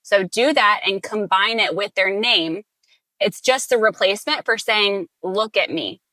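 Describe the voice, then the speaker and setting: Bright-voiced woman speech therapist teaching parents. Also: medium pitch, measured pace, no room sound. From Southern US. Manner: patient, explains step by step, repeats key points. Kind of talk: instructional talk to parents.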